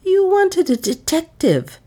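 A woman doing a pert, high-voiced maid. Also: wildly swooping pitch, measured pace, darkish tone. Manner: pert and ironic. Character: pert, eager female maid.

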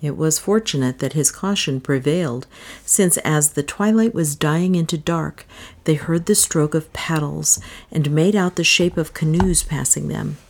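A woman narrating an old adventure novel in a measured, steady storytelling voice. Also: sits low, vocal fry. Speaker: audiobook narrator. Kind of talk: scripted narration.

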